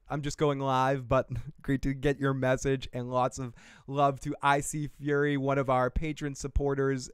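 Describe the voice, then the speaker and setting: A man's voice: medium pitch, clear, resonant tone, no echo, clean studio sound. A man hosting a casual livestream, rambling and profane, and laughing often. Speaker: show host. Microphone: desk mic.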